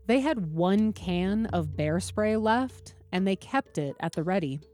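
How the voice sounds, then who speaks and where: A woman's voice: medium pitch, lively intonation, unhurried, a little mellow, soft background music. A woman hosting and narrating a true story and putting questions to her guest. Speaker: podcast host and narrator. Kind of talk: scripted narration with interview questions.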